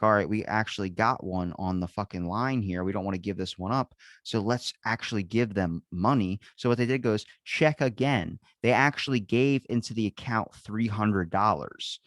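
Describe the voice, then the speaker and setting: Guy on a podcast telling a story, kinda low voice, swears a lot, does all the voices. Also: no room sound. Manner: animated storyteller, acts out quotes, swears often. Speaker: podcast guest. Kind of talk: casual chat.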